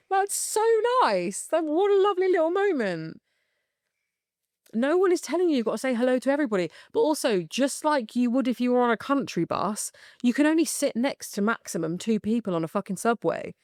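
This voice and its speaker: A young woman with a British accent hosting a candid solo podcast, swearing freely and talking in an animated way with bursts of laughter. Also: medium pitch, dry recording, studio quality. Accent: British English. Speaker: podcast host.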